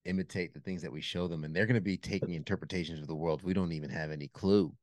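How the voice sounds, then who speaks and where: A man's voice: low voice, steady tone, quick pace, no room sound. A man hosting a podcast, affirming his guest and moving the talk along. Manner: supportive, affirming. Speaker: podcast host. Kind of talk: interview hosting.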